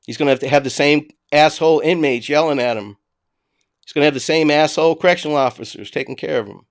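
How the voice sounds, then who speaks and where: A man's voice: a little high, fast talker. A man with a Boston accent, hosting a casual livestream and ranting bluntly, with profanity, to his viewers. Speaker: livestream host. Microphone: home desk mic, voice only.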